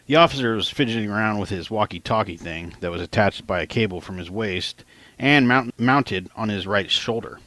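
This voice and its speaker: A man's voice: on the low side, moderate pace, bright, forceful tone, no room sound. A man narrating his own novel as an audiobook in a plain, casual storytelling manner. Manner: plain, casual storytelling, quotes lines in lightly raised voices.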